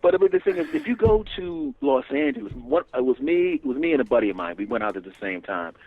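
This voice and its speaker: A man, a comedian telling stories in an animated, profane way as a guest. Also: medium pitch, quick pace, creaky. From Philadelphia area, USA. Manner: animated, swearing, laughs often, acts out dialogue. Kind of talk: casual storytelling interview. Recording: dull lo-fi radio recording.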